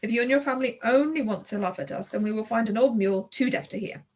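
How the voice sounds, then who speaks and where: A woman's voice: a little high, fast talker, darkish tone, lightly acted. A woman voicing a proud, serious young boy who keeps camels, speaking formally and earnestly. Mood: stern.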